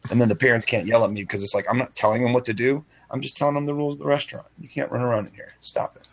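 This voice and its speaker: A man's voice: medium pitch, steady tone, rapid-fire, gravelly, fairly bright tone. A man working as a restaurant server, chatting casually on a radio show and acting out bits of dialogue in rambling stories. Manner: frequent restarts and stutters.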